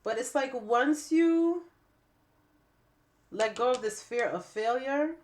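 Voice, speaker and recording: A woman giving a spiritual tarot reading to camera with a stuffy nose and raspy throat, repeating phrases emphatically like preaching. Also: high voice, animated, slow pace, a little mellow, slight background noise. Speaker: tarot reader.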